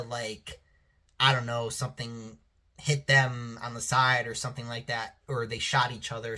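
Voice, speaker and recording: Bright, animated, rambling male reviewer. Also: medium pitch. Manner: rambling, profane, lots of restarts and fillers. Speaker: show reviewer. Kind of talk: casual review chat.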